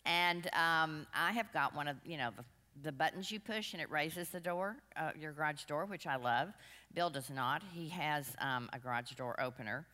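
Low-voiced woman, chatty and rambling. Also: normal speed. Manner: rambling, chatty, self-deprecating, animated anecdotes. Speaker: women's class speaker. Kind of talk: storytelling talk to a group. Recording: long hall reverb.

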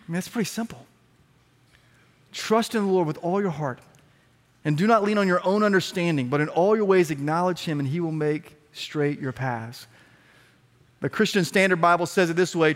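A man preaching a sermon as a pastor, telling stories in a lively, conversational way with repeated phrases, speaking to a congregation in a church. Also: high voice, normal speed. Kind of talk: storytelling sermon. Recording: long reverb of a large hall.

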